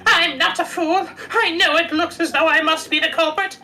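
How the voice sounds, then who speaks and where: Woman playing a young male student, paranoid and clingy; very high, sharp delivery. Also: fairly even intonation, moderate pace, soft background music, rough recording. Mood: pleading. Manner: anxious, self-pitying, clingy. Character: despairing young male foreign student accused of murder. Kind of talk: reading a visual novel aloud.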